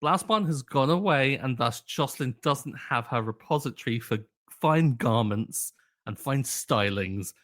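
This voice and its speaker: A man's voice: mid-range voice, animated, measured pace, a bit bright. A man co-hosting a casual podcast chat, playful and teasing, often restarting his sentences. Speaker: podcast co-host.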